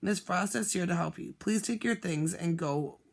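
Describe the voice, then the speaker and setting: A reader voicing a polite but stern female schoolteacher who gives measured instructions to her class. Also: mid-range voice, gravelly. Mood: firm.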